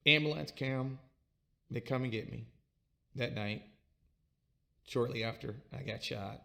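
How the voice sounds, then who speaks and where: A man telling his own life story in a halting, repetitive way, often restarting his words. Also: medium pitch, steady tone, vocal fry, a bit bright. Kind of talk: personal storytelling.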